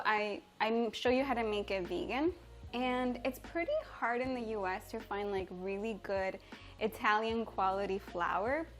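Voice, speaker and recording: Bubbly, giggly young Mexican woman chef. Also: a little high. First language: Spanish. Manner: bubbly, giggly, talks straight to viewers. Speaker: livestreamer and chef. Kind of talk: casual livestream chat reading comments. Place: home kitchen.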